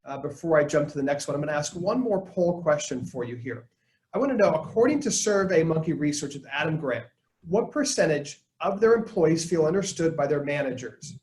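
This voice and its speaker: A man presenting a live leadership webinar, coaching his audience in an energetic tone and acting out the lines he quotes. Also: a little high, fairly quick, echoey room, poor audio. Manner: energetic, coaching tone, quotes people in put-on voices.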